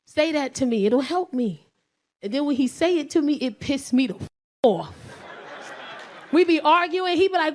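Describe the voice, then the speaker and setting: A woman from the South Bronx with a New York accent, in her forties, performing a stand-up comedy set on a club stage into a handheld mic, brash and swinging into high squeals and shouts. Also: normal speed.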